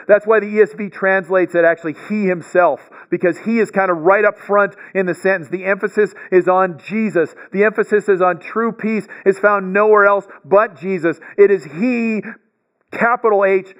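Heard through lo-fi sound, a bible teacher with a high, slightly bright voice gives a lecture. He explains step by step, restarting at times and regularly checking in with "right?".

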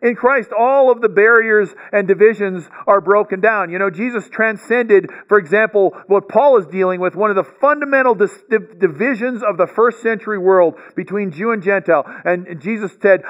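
A man's voice: sits high, normal speed, few pauses, a bit bright, muffled recording. A man giving a bible lecture, explaining step by step and often checking in with "right?". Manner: explanatory, frequent "right?" check-ins and restarts. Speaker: bible teacher.

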